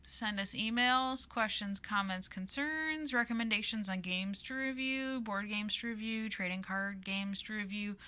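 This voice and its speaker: A woman's voice: mid-range voice, a little slow, hardly any pauses, sharp tone. A woman co-hosting a casual podcast, chatty and laughing often. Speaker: podcast co-host.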